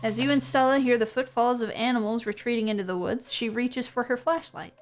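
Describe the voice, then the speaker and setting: A woman streamer reading a visual novel aloud. She is playful and animated, with a fairly high voice. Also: brisk, hardly any pauses, soft background music.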